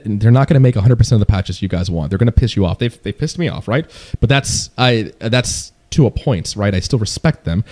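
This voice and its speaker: A man's voice: lowish voice, a little mellow. A young man ranting casually to his viewers as a gaming streamer, profane and repetitive, jumping into mocking voices when he quotes others. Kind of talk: casual rant to camera.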